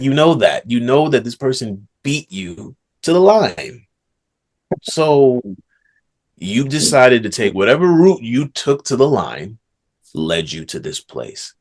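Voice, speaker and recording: A man, a guest author, talking casually in a rambling way, full of filler words and slang. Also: mid-range voice. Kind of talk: casual conversation.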